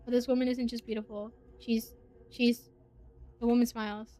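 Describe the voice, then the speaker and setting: A woman streamer reading a visual novel aloud, reacting with giggly, excitable asides. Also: fairly high pitch, moderate pace.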